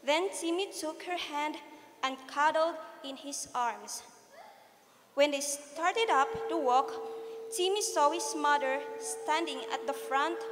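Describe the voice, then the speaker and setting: A woman reads a children's story aloud in church, slow and deliberate, now and then stumbling over words. Her voice is high and bright. The long reverb of the hall hangs on every phrase.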